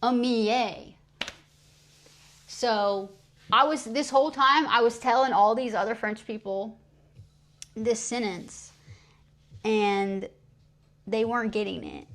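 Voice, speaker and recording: Young woman streamer, slow unhurried talk, slightly high voice, chatty and self-mocking, casual live chat. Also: a bit bright. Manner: chatty, self-mocking, repeats practice French phrases. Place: at home streaming. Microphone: streaming mic.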